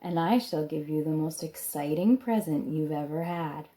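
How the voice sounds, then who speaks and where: A woman voicing a creepy witch who slowly coaxes a boy, in a storybook reading. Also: sits low, mellow, lightly acted. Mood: coaxing.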